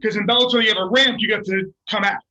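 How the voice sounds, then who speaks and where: An older man, a fighter, telling a story in casual, profane, animated bursts and laughing along the way. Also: high voice, quick pace, highs cut off. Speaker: guest fighter.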